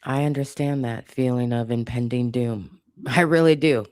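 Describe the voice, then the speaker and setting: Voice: medium pitch, normal speed, darkish tone, no room sound, clean studio sound. A channel host giving an impassioned commentary monologue, blunt and profane, hammering points home with repetition.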